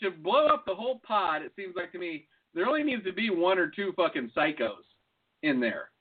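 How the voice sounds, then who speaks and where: A man co-hosting a casual podcast, talking loose and profane with frequent laughs. His voice sits a little high for a man. It comes through thin and tinny, like a phone line. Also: very animated, moderate pace, breathy edge. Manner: loose, swearing, laughing often. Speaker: podcast co-host. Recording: phone-like lo-fi sound.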